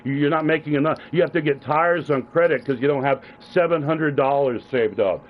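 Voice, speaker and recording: A man's voice: fairly high pitch, moderate pace. A middle-aged man arguing with his adult son, swearing often and repeating himself in stammering bursts. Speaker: father. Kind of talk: heated family argument. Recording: tinny phone line with faint hiss.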